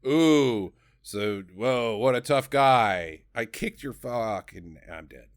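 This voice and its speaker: A man's voice: medium pitch, expressive, takes it slowly, clean tone, voice pushed down. A man voicing a dumb, dying giant male troll, drawling sarcastically. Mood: mocking.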